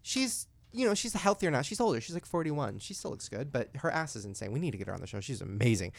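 A man hosting a podcast, telling gossip in crude, animated stories. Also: mid-range voice, fast talker, gravelly. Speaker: podcast host. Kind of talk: casual chat.

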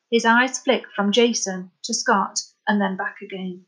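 A woman narrating a novel as an audiobook in a steady, dramatic storytelling manner. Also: mid-range voice, measured pace, hardly any pauses, husky, low-quality recording.

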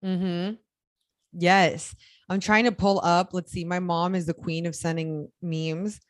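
A woman's voice: lowish voice, flat delivery, slow pace, dry recording, clean studio sound. A young woman co-hosting a casual chat podcast, telling stories in a chatty way and laughing as she talks. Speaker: podcast co-host.

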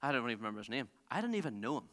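A man preaching a sermon as pastor, telling stories in an animated way with many restarts. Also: mid-range voice, racing. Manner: animated storytelling, self-interrupting with restarts and laughs. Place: large theatre used as a church. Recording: long hall reverb.

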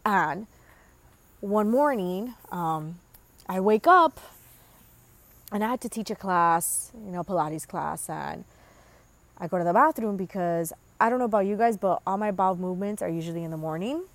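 A woman's voice: medium pitch, lively intonation, moderate pace, no echo. A woman in her twenties telling a rambling, profane story in a casual monologue, full of fillers. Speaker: host.

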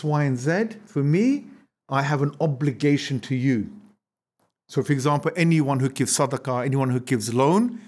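A man with a somewhat high speaking voice gives a religious history lesson. He tells it as a lively story, acting out what people said. He keeps asking his listeners rhetorical questions. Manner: animated storyteller, acts out quotes; asks the audience rhetorical questions. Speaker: religious teacher.

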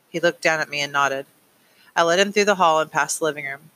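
A man narrating a novel aloud in a measured, plain storytelling manner. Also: a little high, steady tone, pushed and bright, poor audio. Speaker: audiobook reader. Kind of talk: audiobook narration.

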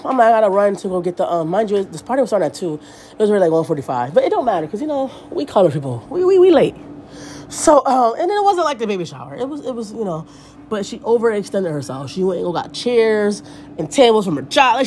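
A woman's voice: on the high side, slight background noise. A woman in her thirties, a podcast host, telling a story as a casual, rambling rant and swearing freely. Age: 30s. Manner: animated, profane, rambling storytelling.

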